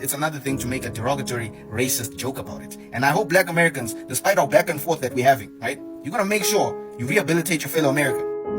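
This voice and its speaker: A man giving earnest, pleading social media commentary. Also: medium pitch. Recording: loud guitar music behind.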